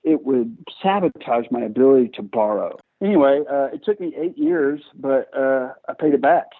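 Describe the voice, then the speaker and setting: A man guest in an interview, telling his story in a lively, self-mocking, chatty way. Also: medium pitch, normal speed. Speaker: guest entrepreneur. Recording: tinny phone-like line, dry.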